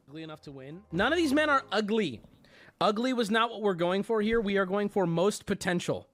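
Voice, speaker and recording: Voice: mid-range voice, animated, moderate pace, pauses often, a bit bright. A livestreamer chatting casually with viewers, loose and profane, talking straight to chat.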